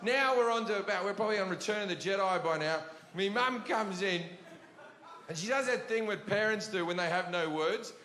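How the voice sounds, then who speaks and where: A man telling a profane, deadpan stand-up story to a live audience in a roomy venue. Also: high voice, fairly quick. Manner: profane, deadpan anecdotal delivery. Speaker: stand-up comedian. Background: audience laughter.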